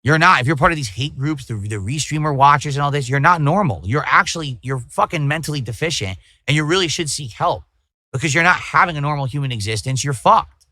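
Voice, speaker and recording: Bright-voiced man ranting indignantly. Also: on the high side, expressive, a little fast, no room sound, studio quality. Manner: indignant, lecturing, repeating himself. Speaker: livestreamer. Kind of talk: ranting livestream talk.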